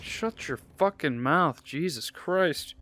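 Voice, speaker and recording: A man's voice: fairly high pitch, expressive, takes it slowly, bright, forceful tone. A young man giving casual, joking gameplay commentary, sarcastic and swearing often. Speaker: gaming YouTuber.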